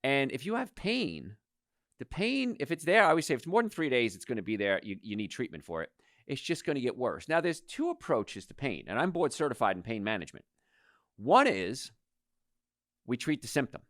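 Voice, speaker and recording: Animated older man hosting radio health talk. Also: mid-range voice, moderate pace, dry recording, studio quality. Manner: animated, emphatic preacher-like delivery with lists. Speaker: radio health show host.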